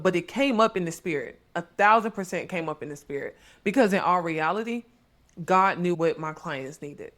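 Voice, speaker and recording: Earnest woman therapist talking to listeners. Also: deep voice. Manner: earnest, conversational, addresses listeners as y'all. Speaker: therapist and podcast host. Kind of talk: heartfelt podcast talk.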